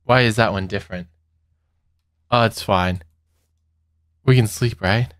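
A man's voice: fairly low pitch, unhurried, no echo, clean studio sound. A young man giving casual let's-play commentary, nervous and giggly, talking to the monsters he meets. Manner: nervous, giggly, talks to mobs. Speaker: gaming youtuber.

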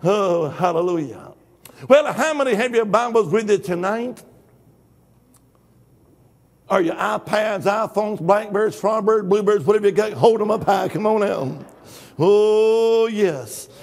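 An older man preaching with shouted hallelujahs, acting out dialogue from his story. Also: sits high, unhurried. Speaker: guest preacher. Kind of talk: Pentecostal-style sermon.

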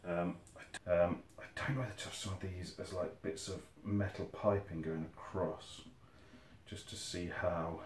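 Deep-voiced guy muttering and rambling while he crafts, phone mic across an echoey room. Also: steady tone, normal speed, slight background noise. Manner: rambling, self-correcting, mutters while working. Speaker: hobby crafter making terrain. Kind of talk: casual talk while building. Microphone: phone camera some distance away. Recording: roomy distant phone recording.

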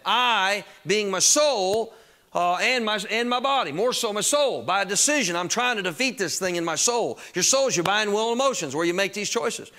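A high, bright-voiced man preaching from the pulpit. He talks in a plain, conversational way to the congregation, then drives his points home with loud, emphatic bursts. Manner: emphatic preaching, rising to shouts on key phrases. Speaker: pastor. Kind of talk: sermon.

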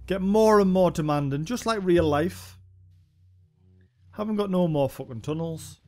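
High-voiced man commentating a game. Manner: sweary, thinking aloud, rambling. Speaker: game reviewer. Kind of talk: casual gameplay commentary.

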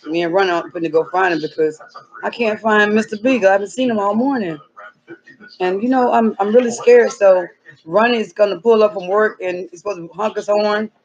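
A woman from North Carolina, vlogging outdoors on a cold day, talking in a dramatic, fearful way and yelling out now and then. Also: mid-range voice, a little fast, slight background noise. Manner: dramatic, fearful, shouting, slangy. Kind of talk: comic spooky outdoor vlog. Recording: dull lo-fi phone audio.

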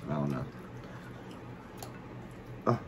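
A man's voice: takes it slowly, background noise. A man chatting casually while eating, joking around and talking with food in his mouth. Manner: joking, laid-back, talks with food in mouth.

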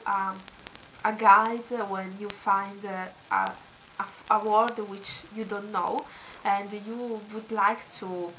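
A woman's voice: medium pitch, bright, forceful tone, lo-fi sound, slight background noise. A young woman with an Italian accent teaching basic Italian pronunciation in a casual video lesson, hesitant with many fillers.

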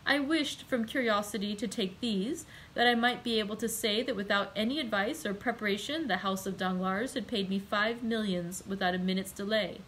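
A woman reading the lines of a wealthy, commanding nobleman count, calm, gracious and cold. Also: mid-range voice, normal speed, few pauses, slight background noise, close to an everyday voice, rough recording. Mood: calm, assured.

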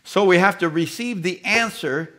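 A male pastor delivering a sermon with a fairly high voice. He leans hard on key phrases, says them again, and throws questions out to the congregation. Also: moderate pace, bright, forceful tone.

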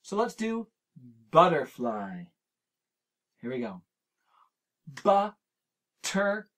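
A male children's show host leads a preschool word game in an unhurried, drawn-out delivery. He talks gently to the young viewer at home, sounding out each syllable and encouraging every try. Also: fairly high pitch, sing-song. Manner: speaks straight to the young viewer. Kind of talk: preschool lesson.

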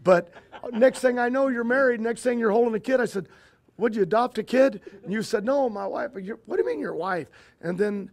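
An older man, a drag racing team owner, telling stories in a casual interview, halting and often repeating himself as he restarts. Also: extremely high pitch.

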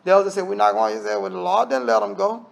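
A man preaching a sermon, reading scripture aloud and breaking in with lively asides. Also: sits high, fast talker, creaky. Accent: Southern US. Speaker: minister.

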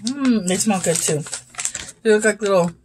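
A woman's voice: mid-range voice, moderate pace, slight background noise, low-quality recording. A young woman chatting casually as she tastes and rates snacks, sometimes talking with her mouth full. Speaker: YouTube host. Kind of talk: casual snack review vlog.

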